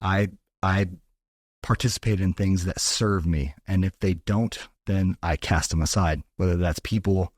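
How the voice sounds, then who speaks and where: A man with a low, deep voice talks as a podcast guest, earnest and motivational, cursing freely as he goes. His voice sits close and dry on the mic, with no room sound around it. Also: fairly even intonation, a little slow, dry recording. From Texas. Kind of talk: casual podcast talk.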